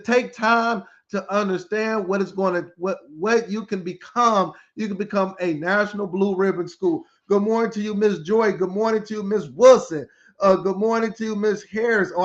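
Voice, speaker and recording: Man, high voice, energetic live podcast host, repeats himself, hypes the audience, slightly dull lo-fi audio. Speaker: podcast host, school turnaround specialist. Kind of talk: live-stream podcast greeting viewers.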